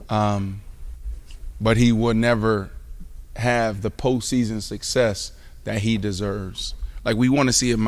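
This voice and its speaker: A man hosting a casual sports talk show, who talks in slang and rants loudly in mock outrage. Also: fairly low pitch, no echo. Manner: animated, loud rant with mock outrage.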